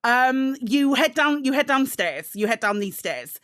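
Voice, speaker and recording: A woman narrating as game master of a tabletop game, describing scenes with many pauses and restarts. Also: sits high, animated, fairly bright tone, dry recording, clean studio sound. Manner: hesitant, many ums and restarts.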